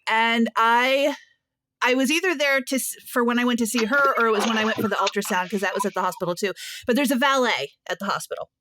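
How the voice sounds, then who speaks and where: A woman co-hosting a podcast, telling animated stories in casual chat and laughing often. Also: fairly high pitch, fast, noisy background. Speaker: podcast co-host. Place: Nashville.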